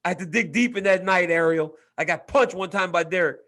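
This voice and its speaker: A man in his forties with a fairly high voice chats casually as co-host. He tells stories with gusto, doubles up his words and acts out what other people said. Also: fairly quick. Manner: animated storyteller, acts out quotes, repeats words. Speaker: co-host, former fighter. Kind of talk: casual chat.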